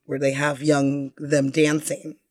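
A woman's voice: sits low, monotone, slow, a little mellow. A woman co-hosting a podcast in casual, rambling, profane chat, laying out drinking game rules. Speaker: podcast co-host.

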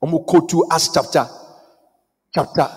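A man preaching a sermon, emphatic and repetitive, moving between loud declarations, hushed lines and bits of song. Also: fairly high pitch, fairly even intonation, unhurried, husky. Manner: emphatic, repetitive, swings from shouting to near whisper, breaks into song. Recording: echoey hall with long reverb.

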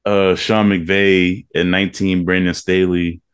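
Deep-voiced laid-back male podcast co-host. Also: unhurried, smooth. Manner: laid-back, reads a list in a steady drone. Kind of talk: casual chat.

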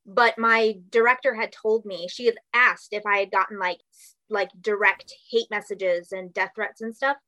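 Bubbly bright young woman. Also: medium pitch, steady tone, low-quality recording. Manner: bubbly, fast, heavy use of "like". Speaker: voice actress guest. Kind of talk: casual interview chat.

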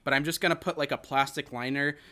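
A man's voice: fairly high pitch, fairly even intonation, fast talker, pushed and bright. A man hosting a podcast, chatting casually in a rambling, joking way with many restarts. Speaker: podcast host. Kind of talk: casual chat.

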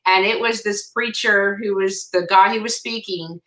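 A woman guest author sharing an emotional faith testimony in a halting, restarting way. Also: medium pitch, steady tone, bright, forceful tone, poor audio.

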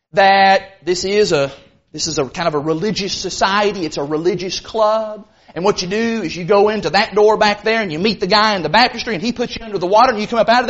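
A man preaching a sermon in an earnest, emphatic way, rushing some phrases and slowing hard on others. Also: sits high, fairly bright tone, dull audio. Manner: earnest, emphatic, with sudden bursts of speed and slow stressed phrases.

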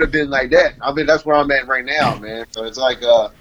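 A laid-back man in his thirties tells personal stories in a relaxed, conversational way, closing almost every sentence with "man". His voice sits in a middle register. The recording is dull and lo-fi. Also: mid-range voice, fairly quick, hardly any pauses. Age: 30s. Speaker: interview guest. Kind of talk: casual interview storytelling.

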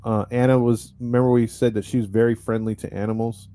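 A man's voice: medium pitch, level tone, fast talker, warm tone. A man, a podcast host, telling a true-crime story in a casual, chatty way, with lots of fillers and restarts. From United States.

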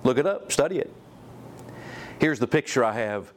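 A male guest preacher delivering a sermon, reading scripture aloud and asking the congregation direct questions, his pitch and loudness swinging widely. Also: lively intonation, moderate pace, a little hiss or hum. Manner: reads scripture aloud in old-style wording; asks the listeners direct questions.

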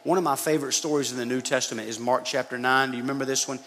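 A man's voice: medium pitch, fairly even intonation, racing, a bit bright. Man preaching in a reverberant hall. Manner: conversational preaching, addresses listeners as guys. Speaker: pastor. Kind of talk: sermon. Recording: long reverb of a hall, faint noise.

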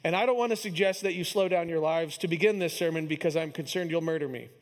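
A man's voice: fairly high pitch, quick pace, in a large hall. A man in his thirties, a pastor preaching a sermon with humorous storytelling about his young son. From Kansas City area, US. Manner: storytelling, self-deprecating humor.

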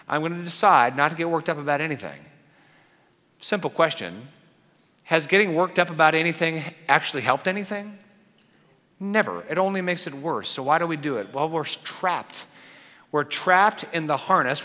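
Man, pastor, conversational sermon, playful asides, slightly high voice, long church reverb. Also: pushed and bright.

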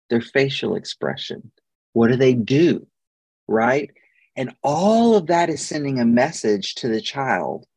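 Man, thirties, podcast guest therapist, thoughtful, rambling restarts, breathy voice. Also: medium pitch, dry recording. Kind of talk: conversational explanation on a podcast.

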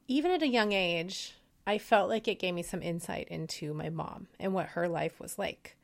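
A woman in her forties hosting a solo podcast, speaking in an earnest, personal way. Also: medium pitch. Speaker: podcast host.

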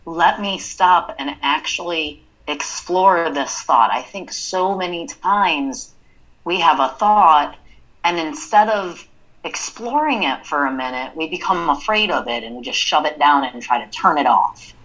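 Low voiced woman on a podcast, thinking things through out loud, casual chat. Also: unhurried, muffled recording. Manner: reflective, talks through ideas with examples. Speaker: podcast co-host.

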